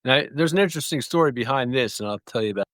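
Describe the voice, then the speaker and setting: A man's voice: medium pitch, animated, racing, a bit bright, dry recording. A man telling stories in an interview, rambling through anecdotes with small restarts. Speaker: guest clownfish breeder. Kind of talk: relaxed storytelling.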